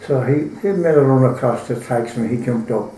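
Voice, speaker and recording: A man's voice: mid-range voice, normal speed, dark tone, roomy sound, a little hiss or hum, low-quality recording. An Irish man telling a folk tale in a rambling, colloquial way, full of swearing. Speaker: storyteller.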